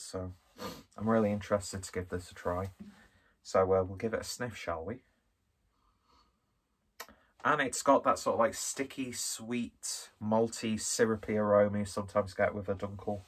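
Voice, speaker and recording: A Skelmersdale man from northwest England talks through a casual beer review, rambling and poking fun at himself. His voice is on the low side and slightly rough.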